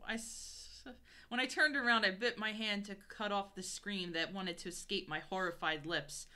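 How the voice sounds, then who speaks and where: A woman's voice: medium pitch, fairly even intonation, normal speed, sharp tone. A woman streamer reading a bad novel aloud with joking commentary, often giggling between passages. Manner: reads steadily, breaking into giggles.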